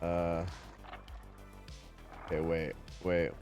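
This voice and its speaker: A man streaming live, chatting casually, animated and profane as he rants. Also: deep voice, extremely slow, soft background music. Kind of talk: casual chat.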